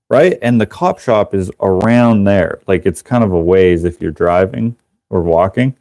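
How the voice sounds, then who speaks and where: A man hosting a live stream, telling a rambling, animated story with casual swearing and laughter, jumping into high voices to act out other people. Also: a little slow, no room sound, studio quality. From Canada. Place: indoors, working on a craft while streaming.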